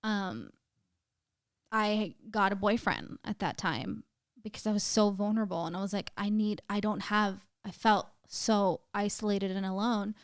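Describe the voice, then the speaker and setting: A woman's voice: medium pitch, measured pace, clear, resonant tone, dry recording, studio quality. A young woman, a podcast guest, telling a painful personal story in casual chat, emotional, with lots of "like" fillers and some swearing.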